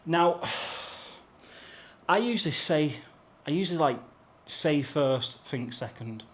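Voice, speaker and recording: A man's voice: on the high side, expressive, takes it slowly, a bit bright. A young British man with an English accent, chattily telling a travel anecdote to camera for his vlog, acting out the dialogue as he goes. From Britain. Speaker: travel vlogger. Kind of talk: casual storytelling to camera.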